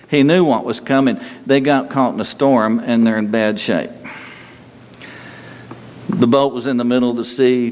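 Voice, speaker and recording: A man preaching a sermon to a congregation, telling stories in an animated way and moving between loud bursts and quieter stretches. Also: mid-range voice. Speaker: pastor. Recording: long hall reverb.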